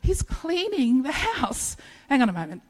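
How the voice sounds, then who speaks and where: A woman preaching a sermon, telling stories in an animated way and acting out playful bits of dialogue. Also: sits high, measured pace, rough recording.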